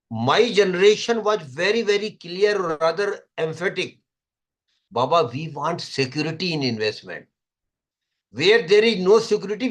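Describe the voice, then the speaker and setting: A man's voice: fairly high pitch, a bit bright. A middle-aged man with an Indian English accent, giving a classroom lecture on money and repeating key points emphatically so listeners can take notes. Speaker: financial literacy speaker.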